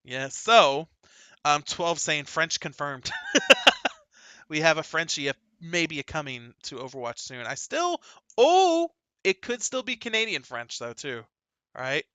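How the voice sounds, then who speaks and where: A man's voice: on the high side, lively intonation, moderate pace, bright, forceful tone, smooth, dry recording. A man hosting a casual gaming podcast, chatting and laughing as he reads out news items. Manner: chatty, laughs often, many fillers. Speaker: podcast host.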